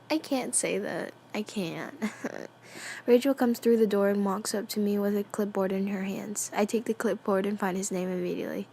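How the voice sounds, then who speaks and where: A woman reading a fan story aloud, quietly and half-whispered, giggling and breaking off to comment. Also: medium pitch, fairly even intonation, normal speed, a little hiss or hum. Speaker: fan fiction reader.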